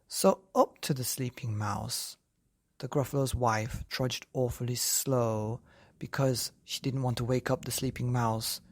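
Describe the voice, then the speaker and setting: A man's voice: medium pitch, darkish tone, dry recording, clean studio sound. A man improvising a rhyming bedtime story in a sing-song manner.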